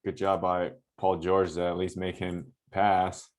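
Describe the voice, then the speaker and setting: A low-voiced man who trains basketball players breaks down game film in a loose, conversational way. He gets animated over good plays and keeps checking in with the listener. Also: unhurried. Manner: animated, coaching asides with frequent "right?". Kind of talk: casual film-breakdown commentary.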